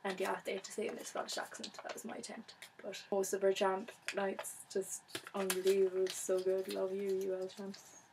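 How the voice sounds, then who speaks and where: Young woman vlogger, chatty and bubbly, monotone delivery, light hiss behind. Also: medium pitch, normal speed, hardly any pauses. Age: young adult. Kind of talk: casual chat to camera.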